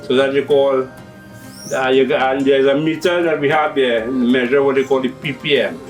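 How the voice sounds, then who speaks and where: A man's voice: mid-range voice, fairly even intonation, moderate pace, recorded from a distance, faint music behind, rough recording. A middle-aged man with a Trinidadian accent, patiently explaining how his hydroponic systems work on a farming TV show. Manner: explanatory, patient, uses local turns of phrase. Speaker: hydroponics shop owner.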